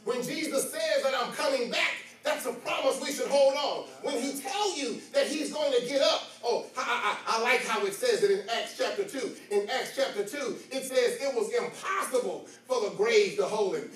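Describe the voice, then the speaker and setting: A man preaching a sermon with impassioned call and response, swinging from hushed talk to shouting. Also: extremely high pitch, moderate pace, hardly any pauses. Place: church. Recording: very echoey church, voice from far off.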